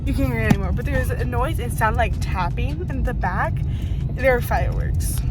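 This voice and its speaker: A young woman vlogging from a car at night, chatty and giggly, bossy when excited. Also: fairly high pitch, a little fast, far from the mic, loud music behind the voice. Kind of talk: casual chat.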